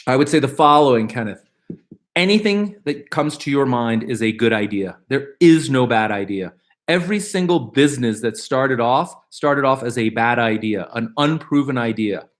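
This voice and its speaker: A man's voice: mid-range voice, normal speed. A middle-aged man hosting a live question-and-answer stream, chatting casually and with rambling energy, reading out viewer questions and answering them. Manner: animated, upbeat, rambling with fillers and restarts; reads viewer questions aloud.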